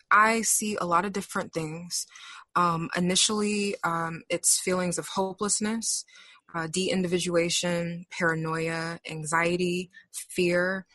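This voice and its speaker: A woman therapist talks through her work in a low, steady voice. She explains carefully, pausing often between thoughts. The sound is dry and close. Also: no echo. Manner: measured, explanatory, frequent pauses. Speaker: therapist, interview guest. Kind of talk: professional conversation.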